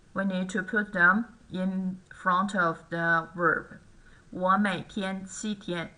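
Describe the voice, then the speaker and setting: Teacher lady, slightly low voice, very bright tone, goes over grammar step by step. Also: poor audio. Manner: explains slowly, repeats example sentences, self-corrects. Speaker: Chinese teacher. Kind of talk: grammar lesson.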